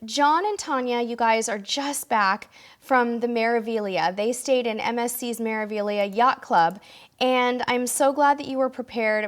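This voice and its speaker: A woman hosting a casual live question-and-answer stream, reading viewer comments aloud and answering them, tired and losing her voice. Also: fairly high pitch.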